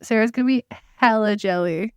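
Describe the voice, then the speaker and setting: A woman's voice: a little high, a little fast, darkish tone, clean tone, no echo. A young woman co-hosting a podcast, chatting playfully and reading out list items. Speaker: podcast co-host. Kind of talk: casual chat.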